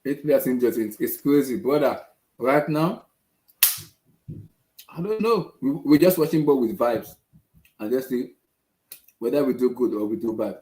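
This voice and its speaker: A man's voice: medium pitch, expressive, measured pace, long pauses, dark tone, a little hiss or hum. A man hosting a football fan show, talking in a frustrated, repetitive way. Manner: exasperated, repeats himself. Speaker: football fan channel host. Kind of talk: casual fan rant. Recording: echoey room.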